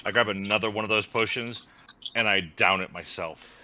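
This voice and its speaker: A man's voice: lowish voice, normal speed, sharp tone, slight background noise. A man playing a tabletop game, stating his character's actions in a matter-of-fact way. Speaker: player.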